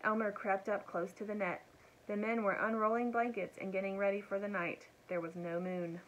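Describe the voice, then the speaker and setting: A woman reading a children's storybook aloud in a gentle, friendly narrating voice. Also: medium pitch, steady tone, normal speed, lo-fi sound, slight background noise. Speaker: children's book reader.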